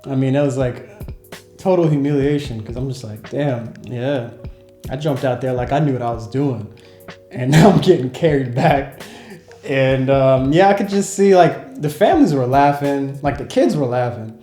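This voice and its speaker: A young man, a travel vlogger, casually telling a story to camera in a relaxed, slangy way with frequent laughs. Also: medium pitch, moderate pace, reverberant, faint music behind. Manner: laid-back, laughing, slangy, acts out quotes.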